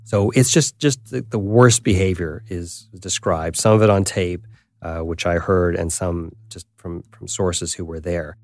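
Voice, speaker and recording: A male journalist recounting his reporting in an interview, animated and halting. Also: low-pitched, no echo.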